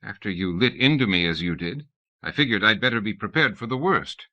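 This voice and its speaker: A man's voice: on the low side, lively intonation, brisk, pushed and bright. A man voicing a timid, nervous young man who speaks hesitantly. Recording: dull lo-fi audiobook tape.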